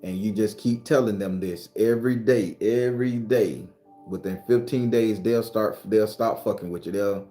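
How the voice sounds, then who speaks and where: Chatting casually and profanely with his viewers, this spiritual live-stream host has a deep, mellow voice. The room has an echoey quality, and faint music plays in the background.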